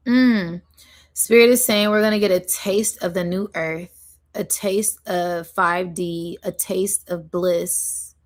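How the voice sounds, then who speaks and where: A woman giving an intuitive spiritual reading to her viewers, chatty and giggly, drawing out words slowly as she channels. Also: on the low side. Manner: chatty, giggly, talks straight to her audience. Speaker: spiritual energy reader.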